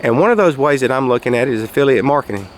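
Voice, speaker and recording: A man telling a folksy story outdoors in a casual monologue, raising his voice for quoted shouts. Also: medium pitch, expressive, fast talker, slight background noise. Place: outdoors, quiet spot near traffic.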